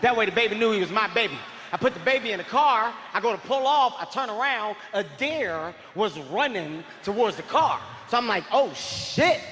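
A high, bright-voiced man tells a profane stand-up story, his delivery excitable and punctuated by shouting. He is recorded through a stage mic in a live venue with a long reverb tail and faint background noise. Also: brisk, hardly any pauses. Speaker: stand-up comedian. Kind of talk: stand-up comedy routine.

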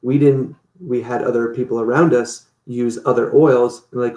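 A man with a gravelly, mellow voice speaks casually as an interview guest. He tells his story with energy and acts out quoted lines. The room gives his voice a noticeable echo. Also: mid-range voice, fairly even intonation, normal speed, hardly any pauses.

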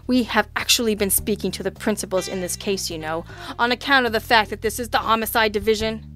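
A woman's voice: mid-range voice, fairly even intonation, quick pace, fairly bright tone, close to an everyday voice. A bellowing, sarcastic police lieutenant barks his lines in an exasperated bluster, as a woman narrator puts him on. Her voice sits around the middle for a woman, and a faint bed of music plays behind. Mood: testy, grumbling. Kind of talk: audiobook character reading.

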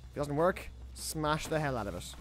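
An Irish man narrates a video game playthrough with jokey, self-deprecating chatter. His pitch swings up and down a lot. He sounds stressed and keeps talking to his viewers. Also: animated, fairly quick, soft background music. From Ireland. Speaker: gaming YouTuber. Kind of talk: let's-play commentary.

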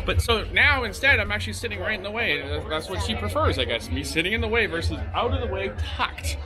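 Excitable high-voiced man vlogging. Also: fast, hardly any pauses, over music. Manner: chatty, excitable storytelling. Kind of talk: casual vlog chat.

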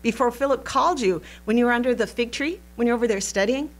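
A gentle male teacher who speaks with quiet, knowing kindness. His tone stays soft and friendly, as a woman voices him during a Bible lesson. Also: on the high side, fast, voice pushed up, close to an everyday voice.

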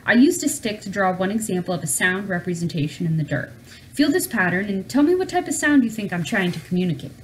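A woman reading aloud as a woman scientist with a warm, high voice, explaining her work. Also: animated, fast talker, recorded from a distance, slight background noise, lightly acted, poor audio.

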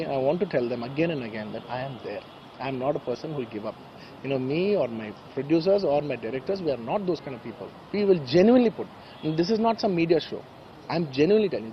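A man's voice: on the high side, muffled recording, a little hiss or hum. A man with a background gives an emotional press statement, earnest and repeating phrases insistently. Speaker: speaker at a press conference.

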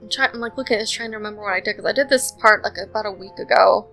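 Speaking very fast at a medium pitch, a young woman with a sharp tone narrates her Sims speed build in a loose, rambling voice-over. Her chatter is packed with "um" and "like," faint music sits behind her, and the audio quality is low.

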